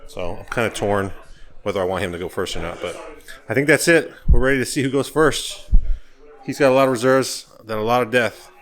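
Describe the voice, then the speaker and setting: A man talks through his tabletop army in a relaxed, upbeat way. He moves through the list quickly and chats about his plans as the host of the report. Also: mid-range voice. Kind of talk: casual battle report talk.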